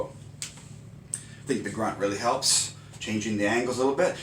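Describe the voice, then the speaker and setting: A middle-aged man, a math consultant, demonstrating a teaching routine and punctuating each math term with a loud karate grunt. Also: mid-range voice, steady tone, normal speed. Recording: roomy sound, mic at a distance.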